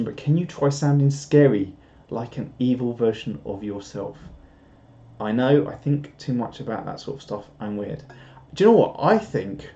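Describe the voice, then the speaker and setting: A British man chats loosely on a live stream, wandering from thought to thought and often laughing at himself. His voice has a mellow, dark tone at a middling pitch. The stream audio is dull and lo-fi. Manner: rambling, self-deprecating, chuckles often. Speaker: YouTuber hosting a live stream. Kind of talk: casual live-stream chat reading viewer comments.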